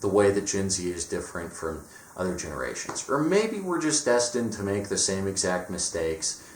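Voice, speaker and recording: A man's voice: deep voice, big pitch swings, normal speed, slight background noise. A young man in a casual, profane monologue, blunt and mocking, often slipping into sarcastic quoted voices. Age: young adult. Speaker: vlogger. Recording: echoey room.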